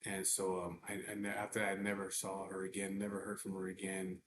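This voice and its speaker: A man's voice: deep voice, completely flat delivery, fairly quick. A middle-aged man, telling a personal story in a blunt, profane, casual way. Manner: blunt and profane, with double negatives. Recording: echoey room with faint background noise.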